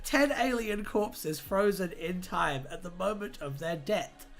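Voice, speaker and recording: A man hosting a livestream, chatting casually and reading aloud, irreverent and quick to swear and laugh. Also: high-pitched, creaky, faint music behind. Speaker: livestream host.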